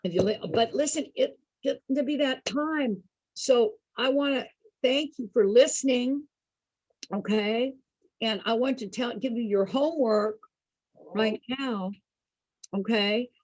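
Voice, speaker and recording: Husky chatty woman telling stories. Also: a little high, a little slow, a little mellow, no room sound, poor audio. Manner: chatty, addresses listeners as folks. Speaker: storyteller host. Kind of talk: casual storytelling to an online group. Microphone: video call.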